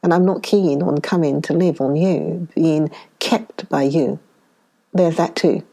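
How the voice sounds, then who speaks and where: Brief: woman voicing a dry, mocking gamekeeper man for a romance audiobook, low mellow tone. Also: a little slow, gravelly, full character voice. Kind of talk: audiobook dialogue reading.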